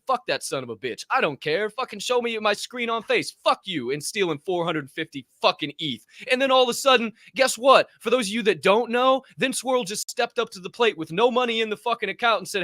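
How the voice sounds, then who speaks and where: A man co-hosting a podcast, ranting with passion and lots of swearing, his voice swinging from loud bursts to low mutters. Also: no room sound, clean studio sound. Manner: profane, heated, swings loud and soft. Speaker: podcast co-host. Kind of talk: fired-up motivational rant.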